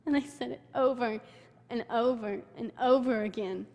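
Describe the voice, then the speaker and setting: In a church sanctuary with long hall reverb, a young woman gives a personal testimony about a mission trip. Her fairly high, darkish voice moves at a moderate pace as she tells the story with feeling, quoting the people she met in her own voice.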